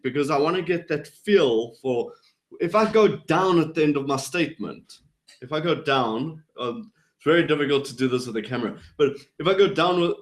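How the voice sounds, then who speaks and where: A man with a slightly high voice explains how to read people, bouncing his pitch up and down to show what he means. He talks over a video call. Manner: animated, demonstrates vocal inflection up and down. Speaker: body language trainer. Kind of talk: explanatory interview talk.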